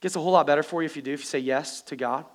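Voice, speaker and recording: Animated preacher man. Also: on the high side, very fast. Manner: animated, joking asides to the congregation. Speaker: pastor. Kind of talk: sermon.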